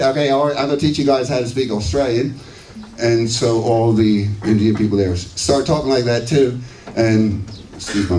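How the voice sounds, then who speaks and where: A man's voice: lowish voice, a little mellow. A man in his sixties from the United States, giving a conversational conference lecture and checking in with his audience with "okay" and "right". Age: 60s. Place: lecture hall. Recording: echoey hall, distant mic, faint hiss.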